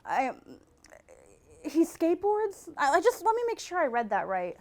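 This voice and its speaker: A woman hosting a podcast in casual comedic chat, animated, laughing and breaking into incredulous outbursts. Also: extremely high pitch, normal speed. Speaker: podcast host.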